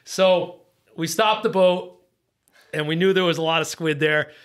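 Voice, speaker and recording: As a podcast guest, a middle-aged man with a slightly high voice tells a fishing story at a measured pace. He talks like a boat captain, swears freely and acts out his lines from that day, his tense, excited telling broken up by laughs in casual chat.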